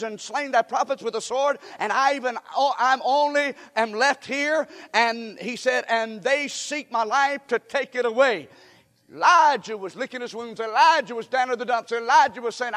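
A man's voice: very high voice, fairly bright tone. A man preaching a sermon who reads scripture and asks rhetorical questions, repeating them and calling on the congregation to respond. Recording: long reverb in a large hall.

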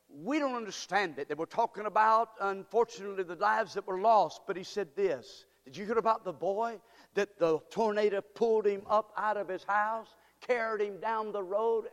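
Male pastor, high-pitched, fervent sermon with shouted call-and-response, echoing church hall.

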